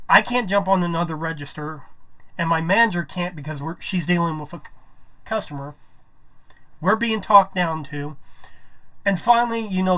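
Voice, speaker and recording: A man's voice: fairly high pitch, a bit bright. A man telling a personal story to camera, rambling, restarting his sentences and swearing when aggrieved. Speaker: vlogger.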